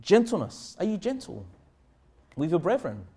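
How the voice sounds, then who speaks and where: Pastor guy preaching, high voice, earnest, lots of questions to the crowd. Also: wildly swooping pitch, dark tone, slightly rough. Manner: slow, deliberate scripture reading. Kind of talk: sermon.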